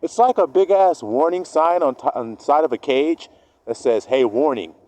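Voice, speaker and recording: Animated, profane man preaching. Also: a little high, normal speed, low-quality recording. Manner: animated, profane, acts out both sides of arguments. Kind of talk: street-style sermon monologue.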